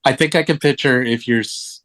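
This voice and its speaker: A man's voice: medium pitch, brisk, fairly bright tone, dry recording. Laid-back man chatting in a dry room. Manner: loose, laughing, filler-heavy. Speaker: podcast guest. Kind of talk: casual film chat.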